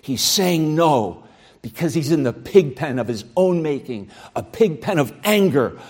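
A man preaching a sermon, swinging between loud, shouting emphasis and low, quiet passages. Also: lively intonation, a little slow, husky.

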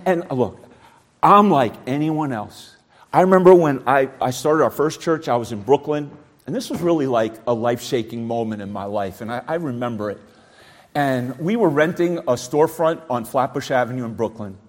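A male pastor preaching a sermon, swinging from loud outbursts to quiet asides. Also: a little high.

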